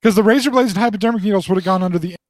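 A man's voice: high voice, very fast, no echo, studio quality. A man co-hosting a casual podcast, rambling with stammered repeats and chuckles. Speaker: podcast co-host.

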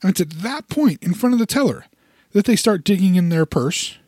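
A man's voice: high-pitched, sing-song, normal speed, a little mellow, no echo, studio quality. Man explaining through everyday scenarios. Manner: repeats and restarts words, builds examples as little scenarios. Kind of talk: casual explanatory chat.

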